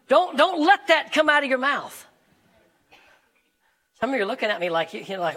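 A male pastor preaching a sermon in a church, animated, shouting and laughing as he reads scripture to the congregation. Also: very high voice, normal speed, long pauses, rough recording. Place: church sanctuary.

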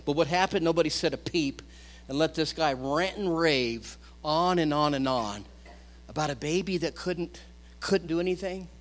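Animated preaching man, fairly high voice. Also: moderate pace. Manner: animated preaching, rising and dropping loudness. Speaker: pastor. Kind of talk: sermon.

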